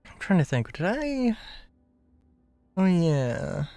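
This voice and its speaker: Slow, laid-back male streamer. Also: high voice, sing-song, dark tone, dry recording. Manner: rambling, self-correcting, laid-back. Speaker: live streamer. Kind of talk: casual gameplay chat.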